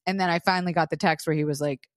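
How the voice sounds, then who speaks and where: A woman's voice: sits low, very fast, dry recording, clean studio sound. A woman co-hosting a podcast, telling a story in casual chat and laughing as she talks. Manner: animated storyteller, laughs mid-sentence. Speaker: podcast co-host.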